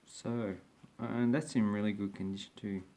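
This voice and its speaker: A man's voice: on the low side, steady tone, normal speed, mellow. A man talking casually through his collection on his own channel, rambling and hesitant with many restarts. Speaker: coin collector vlogger. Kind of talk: casual show-and-tell commentary.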